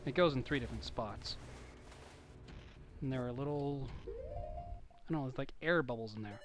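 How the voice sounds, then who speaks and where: A man's voice: medium pitch, lively intonation, normal speed. A young man giving casual, rambling, joking commentary over a game playthrough. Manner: rambling, joking, self-deprecating. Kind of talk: casual let's-play commentary. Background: video game music.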